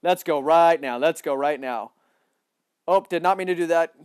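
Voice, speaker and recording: A man giving excitable live gameplay commentary, boasting, repeating himself and bursting into loud yelling. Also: a little high, normal speed, smooth, no echo, studio quality. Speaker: gaming livestreamer.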